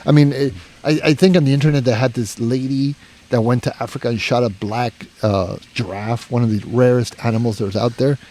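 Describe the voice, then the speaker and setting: A man's voice: mid-range voice, fairly even intonation, brisk, warm tone. A man telling a long story in a casual podcast chat, rambling, swearing and restarting his sentences. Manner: rambling, profane, full of "you know" and restarts.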